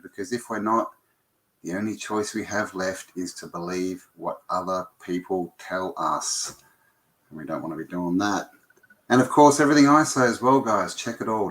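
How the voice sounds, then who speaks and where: Male streamer, lower voice, rambling casual host. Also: a bit bright. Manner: chatty, rambling, many ums and restarts. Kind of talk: casual live-stream chat greeting viewers.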